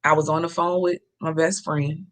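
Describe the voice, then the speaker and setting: A woman's voice: sits low, level tone, moderate pace. A woman, a podcast guest telling a personal story in an earnest, emphatic way and repeating key phrases.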